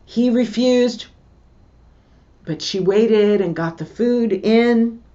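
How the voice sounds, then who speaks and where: A woman teacher reading a book passage aloud and stopping to explain what words mean, in a slow, deliberate way. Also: mid-range voice, mellow, dull audio. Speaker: English teacher.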